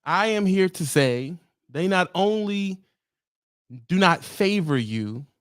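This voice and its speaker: Trucker guy ranting to camera, swears a lot, sarcastic, voice jumps up and down a lot, kinda high. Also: lively intonation, takes it slowly, fairly bright tone, clear, resonant tone, no echo, clean studio sound. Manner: profane, heated, sarcastic. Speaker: truck driver vlogger. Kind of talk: ranting monologue.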